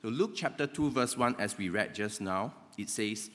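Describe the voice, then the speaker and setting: A man's voice: fairly low pitch, animated, moderate pace, a bit bright. A man preaching a sermon in a conversational way, often checking in with "right?". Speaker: pastor. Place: church hall. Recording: long reverb of a church hall.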